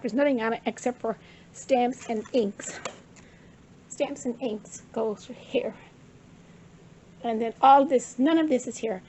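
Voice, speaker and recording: With a high, somewhat mellow voice, this older craft vlogger rambles chattily through her craft supplies, slightly breathless and self-correcting. The audio is poor, with slight background noise.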